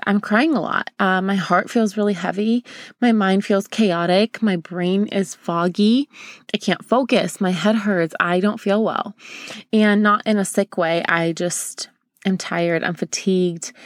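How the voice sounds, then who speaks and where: A woman's voice: medium pitch, no echo. A young woman hosting a podcast, talking openly and emotionally to her listeners as if chatting with a close girlfriend. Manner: open, emotional, confiding, addresses listener as a girlfriend. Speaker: podcast host. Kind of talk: casual heartfelt podcast talk.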